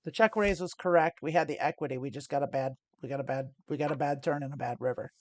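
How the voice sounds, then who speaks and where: A woman's voice: low-pitched, fast talker, a little mellow. A woman hosting a live poker stream, chatting through each decision and often restarting her phrases as she thinks aloud. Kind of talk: live poker play-and-explain commentary.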